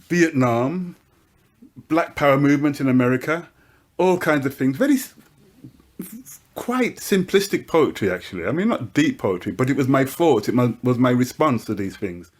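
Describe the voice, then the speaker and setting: An older man touched by tells stories in an animated, playful way, laughing and doing voices. His pitch sits in the middle of the range, and music plays underneath. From Birmingham, England. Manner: animated storyteller, slips into character voices and laughs. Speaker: interviewee, poet. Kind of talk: storytelling interview.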